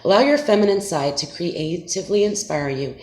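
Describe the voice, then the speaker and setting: A woman giving a casual tarot reading to her viewers, speaking gently and soothingly with many fillers and check-ins. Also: fairly low pitch, lively intonation, a little fast. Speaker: tarot reader. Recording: echoey room with faint noise.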